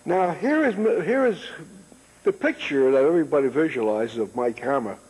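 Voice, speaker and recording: A man's voice: medium pitch, animated, moderate pace, a little mellow, slightly rough. A man in his eighties, a guest in a casual interview, telling rambling stories and joking and laughing often. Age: 80s. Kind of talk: casual chat. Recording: long echoing reverb.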